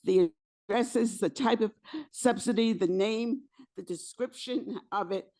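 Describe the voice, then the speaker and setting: Slow, hoarse woman. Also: on the high side, warm tone. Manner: slow, halting delivery with fillers and restarts. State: losing her voice. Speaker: housing committee co-chair. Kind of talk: public meeting presentation. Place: community board meeting room.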